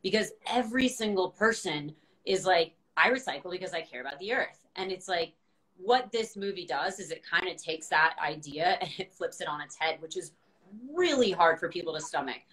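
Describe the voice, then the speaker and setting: A woman's voice: lowish voice, lively intonation, moderate pace, fairly bright tone, low-quality recording. A young woman guest on a video call, talking candidly and animatedly, with frequent laughs and blunt words. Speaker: guest, founder of a reusable straw company. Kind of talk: casual video-call chat.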